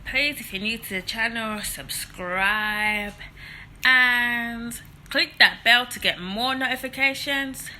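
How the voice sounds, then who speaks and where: A young woman recounts a story on her vlog. Her voice is fairly high and bright, and she talks slowly with lots of animated expression. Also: slight background noise. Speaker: vlogger.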